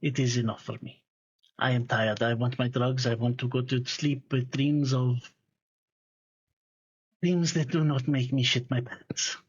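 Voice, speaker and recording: Shell-shocked weary man put on by a man, shaky put-on French accent, blunt and halting, mid-pitched, slightly dull sound, tabletop game. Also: fairly even intonation, husky. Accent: weak put-on French accent.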